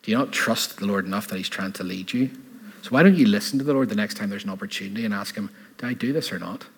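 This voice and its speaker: Husky-voiced preacher in a ringing hall. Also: male voice, fairly low pitch, quick pace. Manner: animated, with rhetorical questions and laughing asides. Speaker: pastor. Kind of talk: sermon. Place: church hall. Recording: reverberant church hall.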